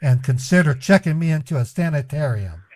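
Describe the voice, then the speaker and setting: A man's voice: fairly high pitch, animated, a little fast, darkish tone, no echo. A man streaming a prank call, stammering and pleading in an overwrought way. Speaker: scambaiting streamer. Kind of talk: prank call role-play.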